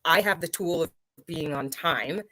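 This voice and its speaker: A woman's voice: unhurried, bright, forceful tone, dry recording, rough recording. Woman host in dry casual chat. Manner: conversational, acts out quotes in a much higher voice. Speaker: podcast host.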